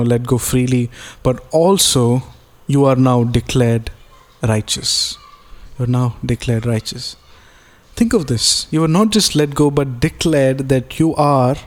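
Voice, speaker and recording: A male pastor delivers a sermon in an earnest voice of middle pitch. He reads scripture aloud and explains it in plain terms. He repeats key phrases for emphasis.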